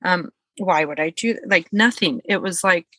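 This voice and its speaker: A woman's voice: lowish voice, moderate pace, sharp tone, no echo. A woman telling a personal story in casual chat, earnest and heartfelt, acting out what people said. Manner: earnest, heartfelt, acts out quotes.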